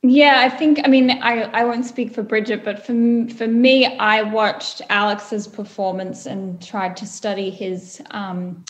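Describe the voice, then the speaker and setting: A woman's voice: medium pitch, steady tone, measured pace, few pauses. A young woman, an actress chatting thoughtfully in an interview with many fillers. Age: young adult. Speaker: actress guest. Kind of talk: casual interview chat. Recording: roomy echo.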